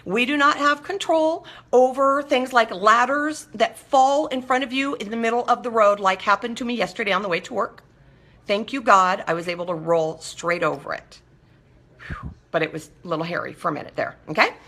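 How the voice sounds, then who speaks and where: A woman's voice: on the high side, moderate pace, sharp tone. A middle-aged woman from Southern California hosting a live talk show alone, chatty and often asking her listeners "right?". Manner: chatty, keeps asking listeners "right?", acts out quoted voices. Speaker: host. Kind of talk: solo live-show monologue.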